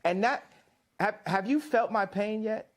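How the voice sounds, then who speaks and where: A man's voice: high-pitched, unhurried. A man as a guest in a heated TV interview, talking confrontationally, repeating and mocking.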